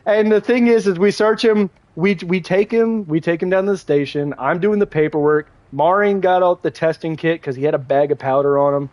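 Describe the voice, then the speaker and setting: A man's voice: high voice, a little fast, hardly any pauses, darkish tone, no room sound. Rambling young man telling a story. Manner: rambling, lots of fillers and restarts. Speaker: gaming livestreamer. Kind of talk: casual storytelling.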